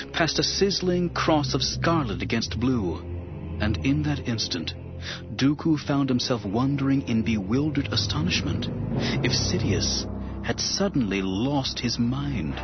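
Expressive male audiobook narrator. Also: mid-range voice. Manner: dramatic, expressive. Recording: dull recording with music underneath.

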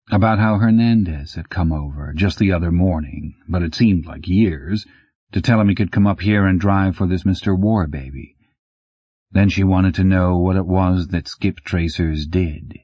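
A man narrates a novel in a steady, even way. His voice is very low, dark and husky. The recording is dry and dull, with a lo-fi sound. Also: no room sound. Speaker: audiobook narrator. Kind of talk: scripted narration.

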